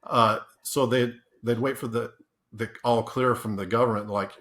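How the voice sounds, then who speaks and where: A podcast guest relays casual stories in an interview, using a medium-pitched, slightly bright voice with fairly even intonation at a normal speed. His delivery wanders with frequent restarts and laughter, and he acts out the quotes.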